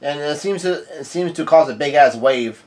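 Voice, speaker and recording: A young man talks through a manga chapter panel by panel in a casual recap. His voice sits a little high for a man. He rambles, fills gaps with "uh" and often restarts his sentences. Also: normal speed, darkish tone. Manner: rambling, many "uh" fillers and restarts. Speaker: manga reviewer.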